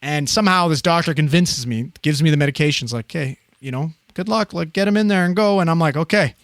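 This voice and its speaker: A man in his thirties telling a story on a podcast in a casual, profane, animated way, often laughing. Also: a little high, fast, no room sound, studio quality.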